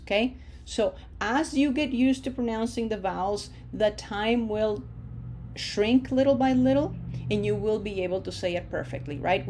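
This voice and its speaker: A woman teaching a language lesson, stretching out example words slowly and talking in a patient, explaining way. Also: medium pitch, a little mellow, slight background noise. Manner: slow, drawn-out modeling of words, then quick asides.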